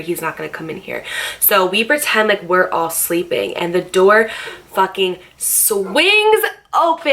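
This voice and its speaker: A young woman vlogger casually telling a personal story, animated and swearing freely as she acts out what people said. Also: medium pitch.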